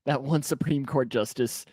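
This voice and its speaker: A man co-hosting a casual podcast, joking around and talking in quick bursts with restarts. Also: medium pitch, a little mellow, no room sound. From Kentucky. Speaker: co-host.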